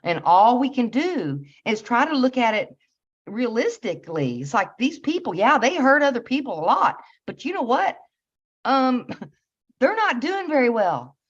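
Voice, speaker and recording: A woman's voice: a little high, very animated, unhurried. Earnest woman musing on spiritual growth. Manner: earnest, meandering, with soft laughs and many fillers. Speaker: spiritual channel host. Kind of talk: casual spiritual talk. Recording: slightly dull lo-fi audio.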